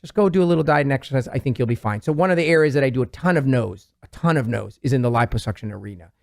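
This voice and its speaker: Fast-talking animated male surgeon. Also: mid-range voice, gravelly. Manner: animated storyteller, quotes patients in lively voices. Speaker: plastic surgeon, show regular. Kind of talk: casual talk-show conversation.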